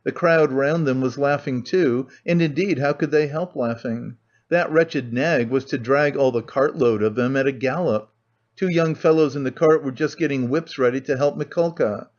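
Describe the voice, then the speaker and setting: A man reading a classic novel aloud as an audiobook narrator, in a measured storytelling manner. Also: fairly high pitch. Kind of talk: scripted narration. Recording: muffled lo-fi audio.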